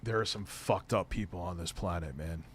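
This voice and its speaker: A man's voice: low voice, normal speed, slight background noise. A middle-aged man hosting a casual commentary stream, rambling and swearing often. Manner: profane, rambling, laughs easily. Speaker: commentary host.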